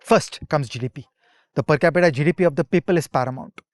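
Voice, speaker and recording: A man's voice: on the high side, fast, no room sound. A man, co-hosting a podcast, explaining economics in an emphatic, lecturing way. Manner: emphatic, lecturing with rhetorical asides.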